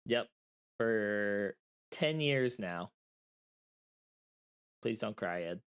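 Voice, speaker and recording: A man's voice: on the low side, lively intonation, extremely slow, smooth. A man co-hosting a podcast in casual chat over a remote call, joking and playfully stubborn. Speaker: podcast co-host. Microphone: remote call mic.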